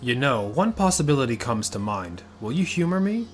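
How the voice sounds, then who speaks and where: A man's voice: medium pitch, very animated, moderate pace, lightly acted. A man voicing a composed, courteous married woman investigator, reading game dialogue aloud over game music. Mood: calm. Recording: game music playing behind.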